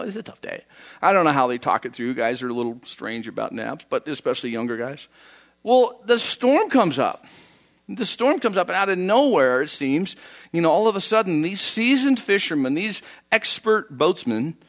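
A man preaching a conversational sermon, telling the story in a folksy way with chatty asides. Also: a little high. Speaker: pastor.

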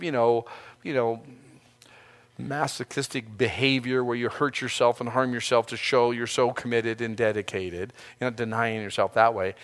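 A man's voice: medium pitch, fairly bright tone. Earnest man preaching a sermon. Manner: earnest, conversational preaching with frequent restarts. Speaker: pastor.

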